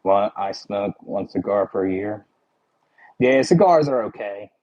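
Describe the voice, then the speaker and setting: A man's voice: lowish voice, lively intonation, unhurried, darkish tone, lo-fi sound. A man with a Philadelphia accent chatting casually with his livestream viewers, rambling and full of "like" and "you know".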